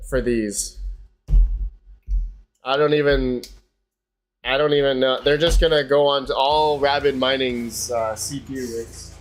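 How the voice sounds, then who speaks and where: A man of middle pitch hosts a casual livestream, talking loosely and directly to his viewers while he tinkers with hardware. His delivery is chatty and unpolished. Faint music plays quietly underneath. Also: steady tone, measured pace, pauses often. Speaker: livestream host.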